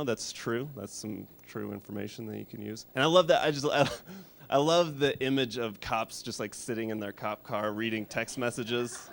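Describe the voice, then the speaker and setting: A man in his thirties doing a stand-up set in a studio, with dry, deadpan delivery and frequent restarts. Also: mid-range voice, vocal fry, slight background noise. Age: 30s. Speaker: stand-up comedian. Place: music studio.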